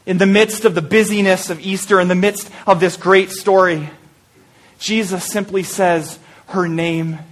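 High-voiced preacher telling an Easter story. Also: male voice, fairly even intonation, measured pace. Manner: storytelling, drops to a hushed voice for intimate moments; lighthearted asides. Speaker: pastor. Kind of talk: Easter sermon.

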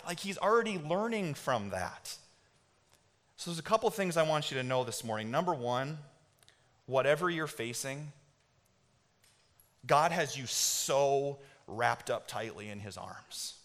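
A man preaching a sermon in a church, telling a personal story in an animated, conversational way and often checking in with the audience. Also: medium pitch, a little slow. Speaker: pastor. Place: church sanctuary. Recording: reverberant hall.

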